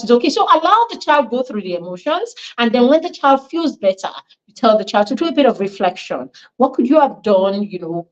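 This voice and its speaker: A woman with a fairly high voice teaches a parenting class, pressing her points home and asking the parents direct questions. She repeats key phrases for weight. The sound is dull and lo-fi. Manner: emphatic, repeats points and asks the listeners questions. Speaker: parenting coach.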